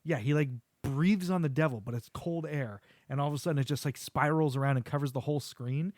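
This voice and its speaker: In a dry, clean studio recording, a middle-aged man with a fairly high voice talks fairly quickly as he hosts a podcast. He recaps an episode with eager, animated storytelling, acting out quotes and laughing often.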